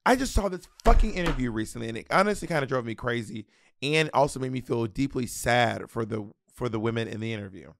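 A man's voice: mid-range voice, animated, gravelly, background noise. A man co-hosting a podcast in a playful, teasing casual chat. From Southern United States. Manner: teasing, quick-talking, playful. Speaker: podcast co-host.

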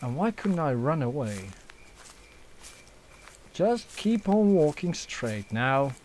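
A man's voice: a little high, sing-song, slow pace, darkish tone, slight background noise. A young man hosting a let's play, joking around, swearing and using lots of fillers. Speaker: gaming channel host.

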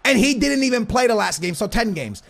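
A man commentating his own soccer video game, hyped and shouting at big moments, muttering quietly in between. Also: very high-pitched, sing-song, a little fast, gravelly. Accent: American. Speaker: gaming YouTuber. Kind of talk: excited gameplay commentary.

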